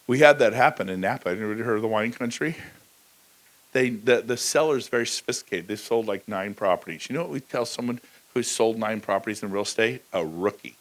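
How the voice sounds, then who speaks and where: A middle-aged man giving a motivational real estate talk on a conference stage, full of energy and calling out to the crowd. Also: low-quality recording. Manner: high-energy, shouting bursts and crowd call-outs.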